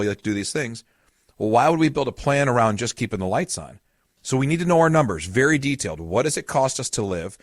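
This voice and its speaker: A man's voice: mid-range voice, no echo, studio quality. A man hosting a podcast as a retirement coach, explaining in a casual, storytelling way with everyday examples.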